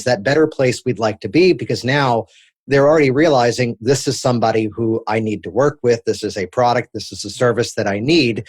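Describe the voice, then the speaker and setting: A man hosting a podcast, explaining his points in a measured, list-building way. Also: medium pitch. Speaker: podcast host. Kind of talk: podcast interview.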